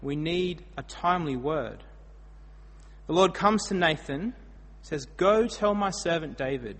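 In a hall with a long ringing echo, an Australian man preaches a storytelling sermon. His husky voice sits a little high, with lively intonation and an unhurried pace, and his loudness swings between emphatic bursts and hushed asides.

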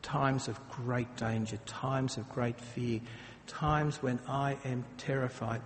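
A man preaching a sermon, speaking earnestly and slipping into dramatic acted quotes. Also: takes it slowly. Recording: long hall reverb, faint rumble.

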